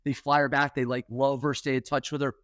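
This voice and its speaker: A man's voice: medium pitch, flat delivery, brisk, fairly bright tone, no room sound, studio quality. A middle-aged man hosting a spiritual talk, telling a story in a loose, chatty way with lots of fillers. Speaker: host and spiritual teacher.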